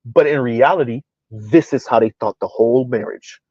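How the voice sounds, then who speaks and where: With a medium-pitched, slightly mellow voice, a South Florida commentary channel host reacts with emphasis and sarcasm, drawing words out, repeating them, and frequently asking a rhetorical "huh?". The sound is lo-fi, with no room sound.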